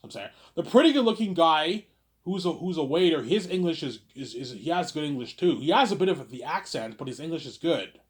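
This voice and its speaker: Rambling man with a lightly high voice. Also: expressive, fairly quick. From Quebec. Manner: repetitive, stammering restarts, keeps saying "obviously". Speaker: livestream host reading viewer questions. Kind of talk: rambling casual monologue.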